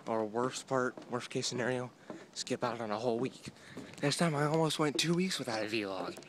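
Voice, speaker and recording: A man's voice: medium pitch, moderate pace. A young man vlogging outdoors on a boardwalk, talking into a phone at arm's length in a rambling, self-mocking way. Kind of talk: casual walking vlog. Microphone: phone held at arm's length. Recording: outdoor phone audio with steady noise.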